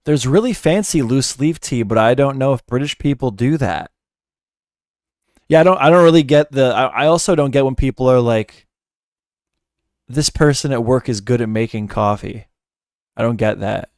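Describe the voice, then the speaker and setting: A man's voice: mid-range voice, expressive, a little fast, a little mellow, no room sound, clean studio sound. A man hosting a casual reaction stream, rambling and incredulous, swearing freely. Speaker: streamer host.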